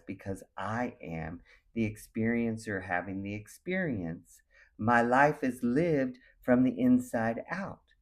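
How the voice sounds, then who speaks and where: Animated man giving a motivational talk. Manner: animated, acts out quoted voices with big pitch swings; repetitive, emphatic phrasing. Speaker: motivational speaker. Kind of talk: motivational birthday message.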